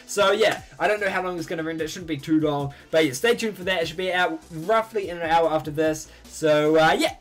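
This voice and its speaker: A man reacting to a show on his channel in casual talk, excitable and gushing, often breaking into laughter. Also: a little high, brisk, hardly any pauses.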